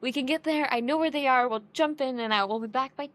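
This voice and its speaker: Young woman cohost telling family stories, acts out the voices, pretty high voice. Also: fast talker. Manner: lively storyteller, acts out quotes. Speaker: podcast co-host. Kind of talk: casual chat.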